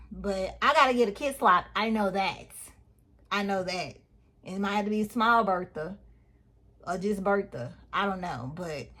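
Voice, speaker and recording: A woman's voice: mid-range voice, fairly bright tone. A woman, chatting to her viewers in a casual unboxing vlog, exasperated and talkative. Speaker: vlogger.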